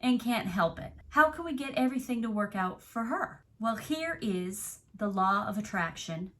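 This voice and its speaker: A woman's voice: medium pitch, lively intonation, moderate pace, bright, forceful tone. A young adult woman coach giving an earnest, reflective self-help talk straight to the viewer. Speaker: manifestation coach.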